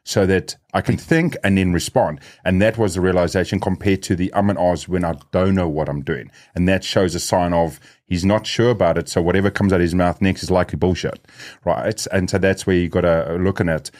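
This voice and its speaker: A middle-aged man hosting a podcast, with a very low, deep voice. He keeps it chatty and loose, thinking aloud with fillers and restarts along the way. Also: brisk, a little mellow. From South Africa. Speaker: podcast host. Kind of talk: casual podcast conversation.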